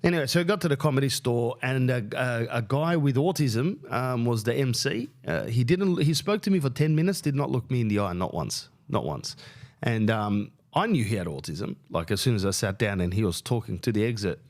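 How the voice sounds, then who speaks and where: A man with an Australian accent hosting a podcast, telling a rambling, crude, self-mocking story, his pitch jumping up when he gets worked up. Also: animated, brisk, hardly any pauses, a little mellow. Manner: crude, self-mocking, lots of fillers and restarts. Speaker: podcast host and stand-up comedian. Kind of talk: casual rambling monologue.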